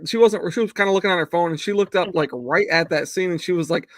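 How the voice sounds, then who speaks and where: A man's voice: high voice, quick pace, fairly bright tone, no room sound, studio quality. A man in a casual podcast chat, laughing often and reacting crudely.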